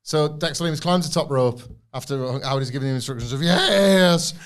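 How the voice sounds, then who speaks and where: A young man co-hosts a casual wrestling review podcast, speaking quickly at a medium pitch. He's animated and puts on voices to act out the wrestlers' lines.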